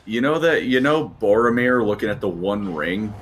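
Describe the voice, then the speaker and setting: A man's voice: lowish voice, animated, normal speed, faint music behind. A man in a casual stream chat, wry and sardonic, spinning stories.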